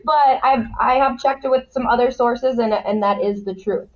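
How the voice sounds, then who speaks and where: A woman guest on a casual podcast, telling stories in a lively way and laughing easily. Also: fairly high pitch, normal speed, highs cut off. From United States. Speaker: guest, former wheelchair tennis player.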